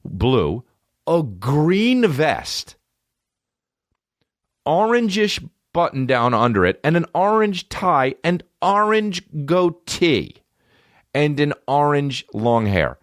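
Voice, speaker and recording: A man's voice: a little high, sing-song, takes it slowly, dry recording, clean studio sound. A man in his thirties hosting a comedy podcast, riffing profanely and slipping into mocking voices. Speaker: podcast host.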